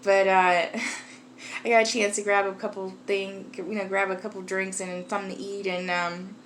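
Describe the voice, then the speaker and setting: A woman's voice: mid-range voice, level tone, normal speed. Woman vlogger, casual rambling talk, tired, faint hiss behind. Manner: chatty, rambling, laughs often. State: tired, jet lagged. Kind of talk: casual vlog chat.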